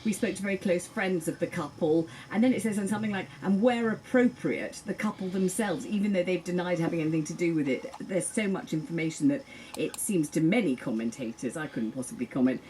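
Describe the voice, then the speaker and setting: A woman's voice: on the low side, a little fast, dark tone, a little hiss or hum, poor audio. A middle-aged woman presenting a radio newspaper review, arch and teasing, mock-scandalised at times.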